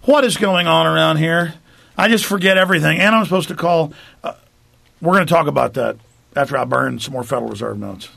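Gravelly ranting talk radio host. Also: male voice, a little high, a bit bright. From Texas. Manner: fast, ranting, slips into mocking put-on voices.

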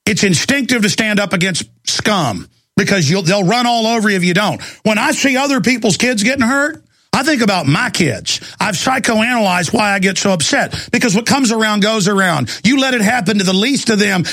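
A man's voice: high voice, expressive, normal speed, fairly bright tone, dry recording. A man hosting a call-in talk show, delivering an angry, intense ranting monologue. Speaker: talk show host taking calls.

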